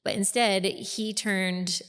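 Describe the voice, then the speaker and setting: A woman's voice: mid-range voice, fairly even intonation, takes it slowly, a bit bright, clean tone, in a large hall. A woman co-hosting a podcast, speaking in a heartfelt, reflective way. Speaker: podcast co-host. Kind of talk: casual podcast conversation.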